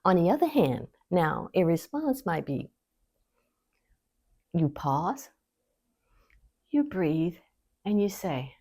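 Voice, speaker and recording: A woman with a husky voice hosts a faith-based wellness talk, speaking slowly with long pauses directly to her viewers. Her teaching is warm and encouraging, with lively pitch swings and easy laughter.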